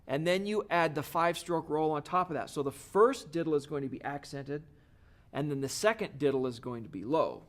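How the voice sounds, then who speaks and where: A male drum teacher explains a video lesson step by step. His tone stays encouraging throughout. His voice sits a bit on the high side for a man. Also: brisk, fairly bright tone, a little hiss or hum.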